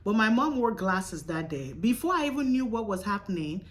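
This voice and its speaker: A woman's voice: mid-range voice, normal speed. A young woman vlogger telling a dramatic personal story in a casual, emphatic way, swearing freely. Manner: animated, profane, emphatic retelling.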